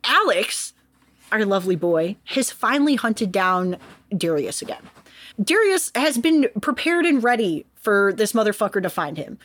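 A young woman hosts a podcast and tells history as a comedy story, swearing freely and slipping into voices for the people in it. Her pitch swings widely as she talks. The recording is dry, with no room sound. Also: normal speed, breathy edge, no room sound. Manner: profane, animated, breaks into quoted voices. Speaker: podcast host.

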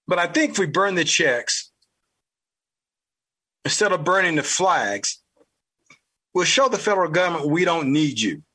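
A man with a Southern US accent, hosting a podcast with blunt, fired-up political commentary, mild cursing and a husky voice. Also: a little high, lively intonation, measured pace, long pauses, sharp tone. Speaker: podcast host.

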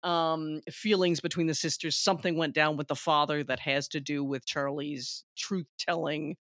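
A woman co-hosting a film podcast, talking in an animated way with lots of restarts and quoted lines. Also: low voice, moderate pace, dry recording, studio quality. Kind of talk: casual chat.

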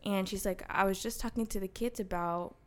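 A young woman in casual conversation, telling a story with frequent laughs and lively quoted voices. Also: mid-range voice, brisk. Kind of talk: casual chat.

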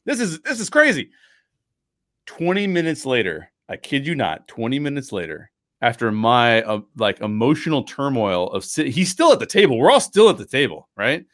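Animated male podcast host telling a story. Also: medium pitch, normal speed, no echo, studio quality. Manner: animated storyteller acting out quotes, many restarts.

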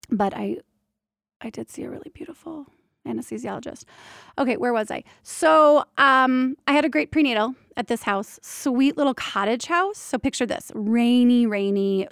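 A woman working as a doula, telling stories from her work in a lively, candid, casual monologue that slips in the odd mild swear. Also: on the high side, vocal fry, dry recording, studio quality. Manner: animated, candid, playful, drops mild swears. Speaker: doula and prenatal yoga teacher.

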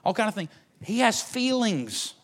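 A man preaching a sermon in a folksy, joking way, swinging from low and soft to loud, high shouting. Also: sing-song, a little slow.

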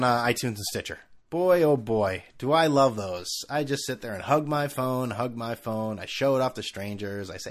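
Rambling, animated male podcast host. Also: normal speed. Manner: rambling, self-mocking, bursts into laughing high-pitched asides. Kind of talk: casual solo podcast chat.

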